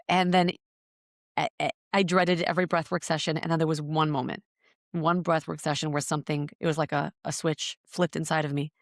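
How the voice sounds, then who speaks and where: Earnest woman with a gravelly edge. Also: deep voice, fairly even intonation, brisk, dry recording, clean studio sound. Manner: earnest, searching, repeats words while thinking. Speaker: podcast guest, breathwork teacher. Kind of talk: reflective interview storytelling.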